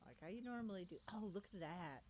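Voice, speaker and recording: A woman giving chatty let's play commentary, thinking aloud with excitable little exclamations. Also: medium pitch, brisk, a little hiss or hum. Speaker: gaming streamer.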